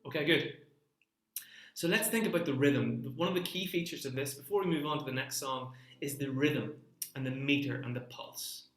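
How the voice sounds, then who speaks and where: A man's voice: medium pitch, moderate pace, fairly bright tone, roomy sound. A man teaching an online singing lesson, coaching vowels and rhythm with sung examples.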